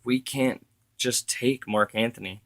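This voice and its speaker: A man's voice: mid-range voice, unhurried, fairly bright tone, no echo, close to an everyday voice. Guy putting on a worried tearful woman, gets accusing, dry close sound. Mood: angry, tearful. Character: worried, then furious grown woman relative.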